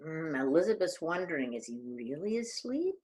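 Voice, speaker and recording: Animated woman reading to children. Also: sits low, normal speed. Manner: animated, asks the listening children questions. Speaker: children's storyteller. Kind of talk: reading a picture book aloud to children.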